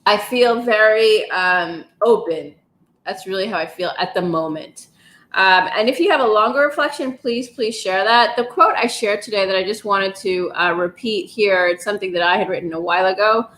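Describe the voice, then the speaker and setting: A woman leading a live session of stretching, breathing and affirmations, talking in a gentle, encouraging and soothing way. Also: mid-range voice, moderate pace, roomy sound. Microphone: livestream, device mic.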